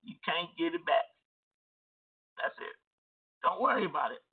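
A man's voice: a little high, lively intonation, moderate pace, husky. A man preaching, retelling a phone call as dialogue and repeating words as he goes. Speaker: pastor. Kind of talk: storytelling sermon. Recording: tinny phone-like sound.

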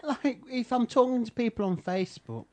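A woman's voice: fairly high pitch, fairly quick, mellow. A woman co-hosting a radio show in casual chat, rambling and hesitant, often losing her words.

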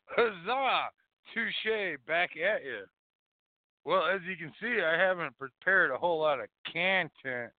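A man's voice: medium pitch, dry recording. A man hosting a call-in show, rambling casually with profane, mocking jokes. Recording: phone-like dry lo-fi audio.

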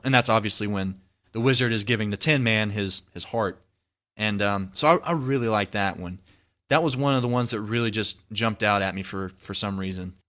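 Bright-voiced young man musing casually. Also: lowish voice, brisk. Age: 20s. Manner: rambling, reflective, many restarts. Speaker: podcast host. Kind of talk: casual chat.

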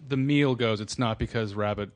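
A man's voice: on the low side, moderate pace. A man co-hosting a podcast, telling stories in a casual, chatty way with frequent ums and hesitations. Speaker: podcast co-host. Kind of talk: casual chat.

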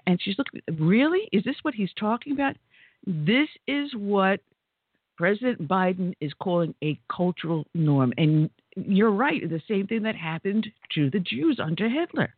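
A woman's voice: mid-range voice, expressive, normal speed, breathy edge, dry recording. A woman hosting a conservative talk radio show, chatty and telling stories with exclamations. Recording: tinny phone-like line.

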